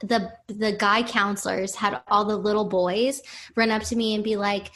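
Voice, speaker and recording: A female guest on a relaxed podcast, her pitch at an ordinary middle height. She tells a story with lively energy. She laughs between her lines as she goes. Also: moderate pace. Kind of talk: casual podcast chat.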